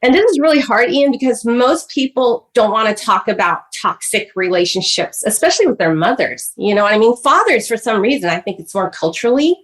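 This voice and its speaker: A woman's voice: on the high side, lively intonation, brisk, hardly any pauses, low-quality recording. A middle-aged woman, a guest author, telling a personal story in a podcast interview, earnest and emotional, often addressing the host by name. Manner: acts out quoted voices of parents.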